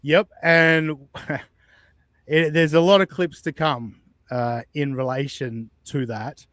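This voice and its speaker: Incredulous, swearing podcast host. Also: male voice, on the high side, steady tone, slow pace, a bit bright, dry recording. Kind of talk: casual reaction commentary.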